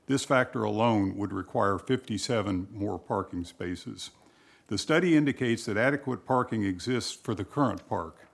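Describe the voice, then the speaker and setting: A man reading a formal, measured prepared statement as a public commenter at a city council meeting. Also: fairly low pitch, creaky.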